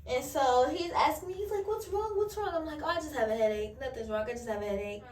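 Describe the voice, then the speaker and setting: High-voiced young woman telling a storytime. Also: fast, far from the mic. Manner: animated, candid storytelling with slang and swearing. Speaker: vlogger. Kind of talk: storytime while doing her hair. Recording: echoey room, voice a bit off-mic.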